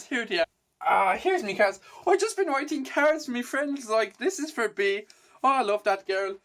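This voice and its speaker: A man's voice: high voice, pitched above the performer's own voice. A young man putting on an exaggerated, very broad Scottish accent as a playful version of himself while he moves the camera around. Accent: put-on Scottish. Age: young adult. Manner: loud, sing-song, playful. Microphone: camera moved around.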